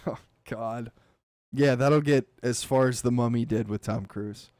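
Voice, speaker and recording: A man hosting a podcast, telling a story in a casual chat with animated, swearing delivery. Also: medium pitch, slow, no room sound. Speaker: podcast host.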